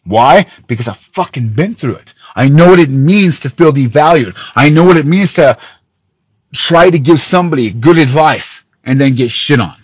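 A man hosting a podcast, ranting in an angry callout with lots of swearing, missing some teeth, swinging from loud outbursts to low muttering. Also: expressive, normal speed, husky, no echo, poor audio. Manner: profane, heated, swings from shouting to low muttering. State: missing teeth, awaiting dental work. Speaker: podcast host.

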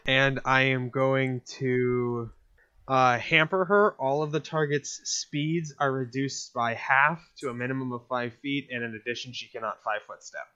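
Bright-voiced man with dull lo-fi sound. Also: mid-range voice, fairly even intonation, a little slow, clean tone, no room sound. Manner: eager, thinks aloud. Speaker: player. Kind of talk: playing a tabletop game.

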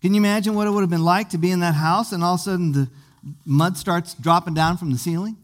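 A man's voice: high-pitched, fairly even intonation, fast. A man preaching a sermon, vividly retelling a scripture story with many questions to his listeners and often repeating small words as he goes.

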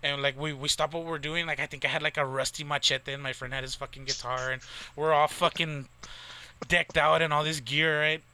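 A man's voice: on the high side, fairly even intonation, brisk, bright, forceful tone, clean tone. A man in his thirties from near the Texas border, telling a rambling, profane story in casual chat with lots of fillers. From Texas, near the Mexican border.

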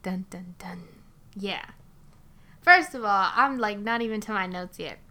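A woman's voice: mid-range voice, moderate pace, pushed and bright, clean tone. A young woman giving a casual movie review, chatty and sarcastic, with frequent giggles and rambling asides.

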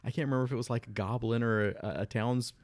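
A man's voice: medium pitch, steady tone, quick pace, no room sound, studio quality. A man co-hosting a casual chat, telling tabletop game anecdotes in a laid-back way with chuckles. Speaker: podcast co-host.

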